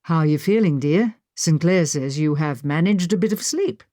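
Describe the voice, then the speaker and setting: Woman voicing a cheerful, teasing gentleman. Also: fairly high pitch, normal speed, no room sound, studio quality, close to an everyday voice. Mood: playful.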